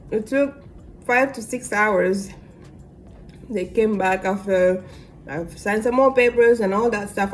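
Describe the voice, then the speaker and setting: A woman's voice: medium pitch, slight background noise. Young woman from Africa telling a story. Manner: animated, acts out voices in quotes. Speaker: mukbang vlogger. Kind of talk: casual storytelling while eating.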